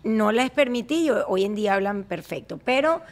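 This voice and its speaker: A middle-aged woman hosting a podcast in casual chat, chatty and quick to laugh, switching between Spanish and English. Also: mid-range voice, expressive. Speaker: podcast host.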